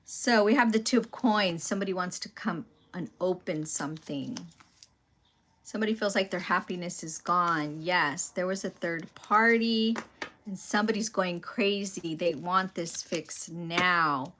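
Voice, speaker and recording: Slow, low-voiced woman reading tarot. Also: fairly bright tone, a little hiss or hum. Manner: slow, pausing, intuitive musing. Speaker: tarot reader.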